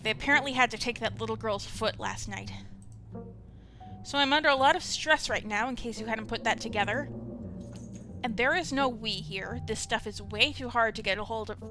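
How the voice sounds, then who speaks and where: A woman voicing a gruff, scowling caretaker who talks in a blunt, clipped, irritable way. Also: on the high side, moderate pace, music in the background, natural voice. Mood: curt.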